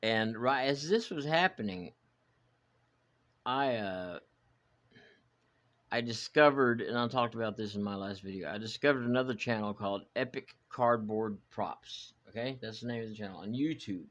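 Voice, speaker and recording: A man's voice: fairly low pitch, normal speed, fairly bright tone. A man chatting in a reflective, wandering way, full of fillers and restarts, as the host of a hobby vlog. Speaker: channel host, hobby model builder. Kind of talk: rambling personal vlog chat.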